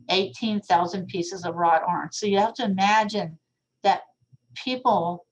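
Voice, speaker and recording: A young woman talks through an art history lecture in a loose, conversational way. She drifts into small asides and plain fillers. Her pitch sits in an ordinary middle range. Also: poor audio. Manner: casual, chatty, with fillers and asides. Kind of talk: recorded classroom lecture.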